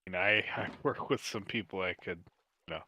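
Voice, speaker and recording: A man's voice: low-pitched, fairly quick, bright, forceful tone, slightly rough. A man chatting with a friend during a game, making dry remarks and sharing work news. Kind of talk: casual chat over gameplay.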